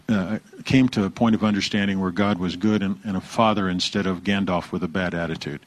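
Low-voiced pastor, conversational sermon. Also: male voice, no room sound. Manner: relaxed, asks the congregation questions and repeats their answers.

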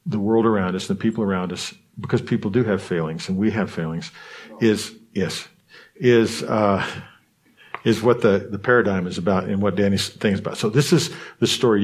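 A man hosting a podcast, explaining a book's ideas in a relaxed teaching talk, often restarting phrases and checking in with his listeners. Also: on the low side. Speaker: podcast host. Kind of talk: casual teaching talk, reading a book aloud.

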